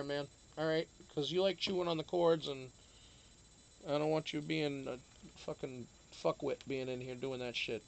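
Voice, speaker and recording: A man's voice: a little high, steady tone, moderate pace, gravelly. Male stream host, casual rambling chat full of ums and curse words, faint background noise. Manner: rambling, swears freely, lots of fillers. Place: home.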